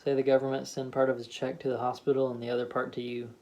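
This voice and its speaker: A man's voice: mid-range voice, monotone, fast talker, a little mellow, lightly acted, rough recording. Man reading a steadfast reproachful wife. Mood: accusing.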